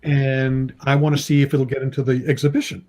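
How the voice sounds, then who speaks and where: A man's voice: level tone, fairly quick, a little mellow. A man, a comic book writer and artist, chatting as a guest and telling anecdotes, often laughing and acting out what people said to him. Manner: chatty, acts out quoted people with pitch jumps; laughs often between remarks. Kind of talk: casual anecdotal storytelling.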